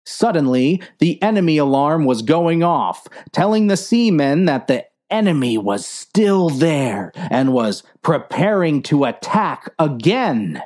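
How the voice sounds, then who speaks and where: A woman reading a clumsy war story aloud in a slow, mock-earnest narration. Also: sits low, big pitch swings, a little mellow. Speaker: story reader.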